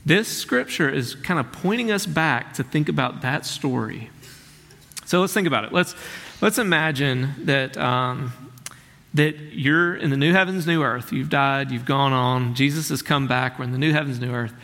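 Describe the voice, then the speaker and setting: A man preaching from the pulpit at a medium pitch. He is earnest and emphatic, often dropping to a slow, hushed delivery on the lines that matter. His voice rings out with a long hall reverb. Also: gravelly. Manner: earnest, emphatic preaching with slowed, softened key phrases. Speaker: pastor. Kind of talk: sermon.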